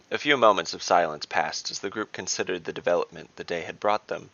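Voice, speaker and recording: A man narrating a fantasy podcast story in an expressive storytelling way. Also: deep voice, brisk, gravelly, few pauses, dry recording. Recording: dull dry lo-fi recording.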